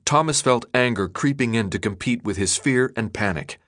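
A man with a mid-range voice reads an audiobook in a steady, measured way. The sound is clean studio audio, recorded dry.

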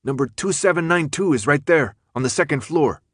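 A man's voice: a little high, lively intonation, a little fast, breathy edge, dry recording, studio quality, voice pushed up. Man voicing Jorge, a jittery, uneasy man. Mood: matter-of-fact. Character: Jorge, nervous man, quick to argue.

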